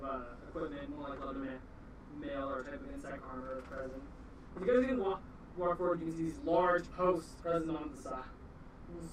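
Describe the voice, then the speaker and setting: A man with a fairly high, fairly bright voice narrates as game master in a casual tabletop session, phrasing things loosely and often restarting. The mic is distant in an echoey room, with faint hiss.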